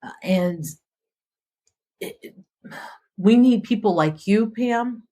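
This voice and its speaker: A woman hosting a faith podcast, talking in an animated, preacher-like way with plenty of affirmations. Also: medium pitch, slow pace. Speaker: host.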